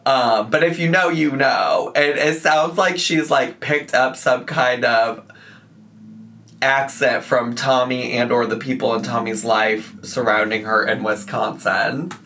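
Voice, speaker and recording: Guy roasting a clip, sarcastic and fed up, bright edgy voice. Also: medium pitch. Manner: mocking, exasperated, swears. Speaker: reaction video host. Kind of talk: sarcastic commentary.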